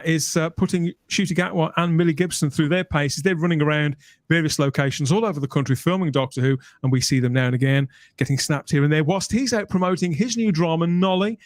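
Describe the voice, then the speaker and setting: A man hosts a live panel show, chatty and quick to laugh. His voice sits a little high. The sound is close and dry, with no room echo. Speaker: host. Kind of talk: casual chat.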